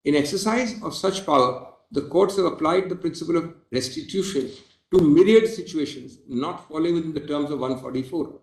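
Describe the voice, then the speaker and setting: Indian guy lawyer arguing in court, bit high voice, formal n emphatic, lots of "well, as", echoey room. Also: moderate pace, gravelly. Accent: Indian English. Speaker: senior advocate. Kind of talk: courtroom legal argument.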